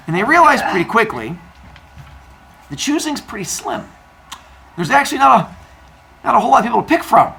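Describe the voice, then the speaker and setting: A woman's voice: on the high side, big pitch swings, brisk, pauses often, pushed and bright. A woman telling a myth as a comic story to a live audience, casual and chatty with jokey asides. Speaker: storyteller speaker. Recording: live room with audience noise.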